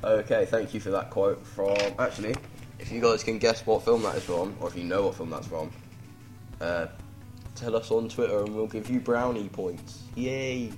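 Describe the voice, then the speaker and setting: A man's voice: lowish voice, moderate pace, darkish tone, faint music behind. A young English man hosting a podcast, rambling and self-deprecating, with lots of ums. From England. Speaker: podcast host. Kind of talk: casual podcast banter.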